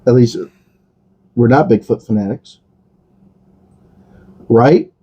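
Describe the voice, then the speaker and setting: A man's voice: mid-range voice, takes it slowly, mellow, husky, dull audio. A man co-hosting a podcast, talking in a rambling, profane, laid-back way and laughing often. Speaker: podcast co-host. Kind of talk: casual chat.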